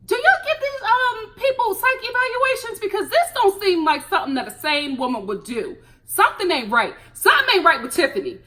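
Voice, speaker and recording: A young American woman with a high, bright voice and a pitch that swings widely. She reviews a reality show in a sassy, animated way and laughs often. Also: moderate pace. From United States. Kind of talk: casual reality TV commentary.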